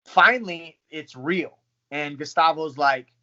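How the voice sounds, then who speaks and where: Profane, animated fighter with bright voice. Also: male voice, on the high side, normal speed, dull audio. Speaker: pro fighter. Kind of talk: casual interview talk.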